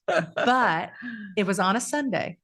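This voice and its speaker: A woman's voice: medium pitch, animated, slow pace, a bit bright. A woman co-hosting a casual spiritual podcast, talking in a reflective, storytelling way with frequent restarts. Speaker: podcast co-host.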